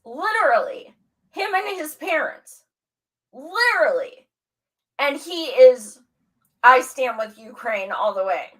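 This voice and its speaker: A woman's voice: high voice, sing-song, measured pace, distant mic, low-quality recording. A woman co-hosting a casual political chat, blunt and heated, who swears a lot. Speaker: co-host.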